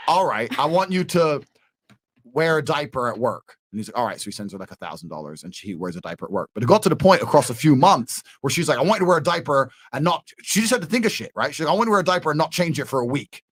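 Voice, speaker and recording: Fast-talking man telling a wild story. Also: fairly high pitch, big pitch swings, husky, no echo. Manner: acts out quoted voices, swears freely. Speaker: podcast guest. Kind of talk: animated storytelling.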